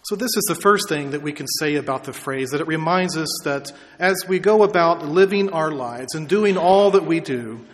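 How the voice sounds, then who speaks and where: A male pastor giving a measured sermon, stretching out key words for emphasis, in a church sanctuary. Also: on the high side, lively intonation, slight background noise. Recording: long reverb of a large hall.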